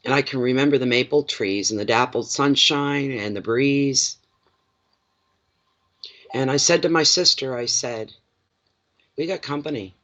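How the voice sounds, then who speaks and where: A man's voice: medium pitch, a little slow, pauses often, pushed and bright. A middle-aged man and intuitive card reader, chatting emotionally and telling stories on a casual livestream.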